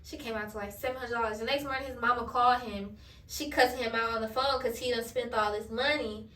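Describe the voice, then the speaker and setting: A woman's voice: fairly high pitch, fairly even intonation, a little fast, pushed and bright, far from the mic. A young woman vlogger, telling a candid storytime full of slang and swearing while she does her hair. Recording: echoey room, voice a bit off-mic.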